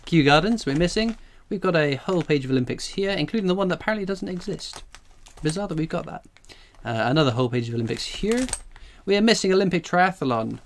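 A man hosting a casual coin-collecting livestream. He reads chat messages aloud and rambles in a jokey way, jittery from strong coffee. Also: on the high side. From England.

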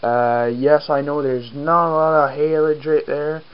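A man's voice: a little high, flat delivery, unhurried, clean tone. Acadian French-accented male vlogger, chatty and self-deprecating, outdoors on a farm, muffled camera audio. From Acadian, New Brunswick. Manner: rambling, self-mocking, swears casually. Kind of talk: casual outdoor vlog. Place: outdoors on a farm, rainy day.

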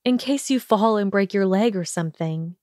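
A woman voicing an earnest, anxious young witch who speaks softly and hesitantly in an audiobook reading. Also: mid-range voice, normal speed, no echo, clean studio sound, natural voice. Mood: careful. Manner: soft, hesitant, careful.

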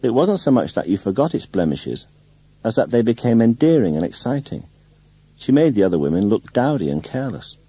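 A man narrating a literary novel in the first person, in a measured, wry way. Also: medium pitch, big pitch swings, mellow, breathy edge, dry recording. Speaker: audiobook narrator.

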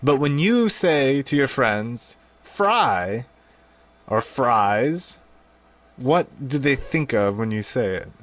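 A man's voice: mid-range voice, expressive, takes it slowly, a bit bright. A man hosting a casual radio show, talking in a rambling, awkward, self-deprecating way. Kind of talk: casual phone interview.

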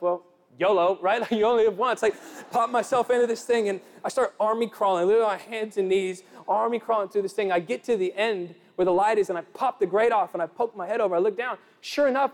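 A young man preaching a sermon, telling a lively story and building to emphatic declarations. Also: sits high. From United States.

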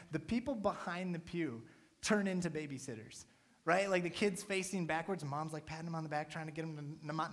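A man in his thirties, a pastor, giving a casual, chatty sermon to his church and often checking in with "right?". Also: fairly high pitch. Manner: casual, chatty preaching with many "right?" tags.

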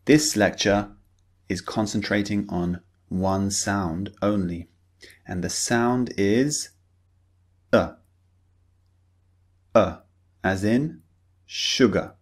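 A man with a British accent giving a recorded pronunciation lecture, saying model words slowly and repeating them for learners to copy. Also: on the low side. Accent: British English. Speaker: pronunciation teacher.

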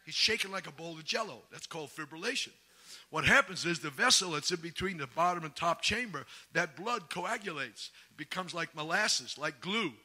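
A middle-aged man preaching a sermon, folksy and humorous, moving from quiet storytelling to shouted exhortation. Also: on the high side.

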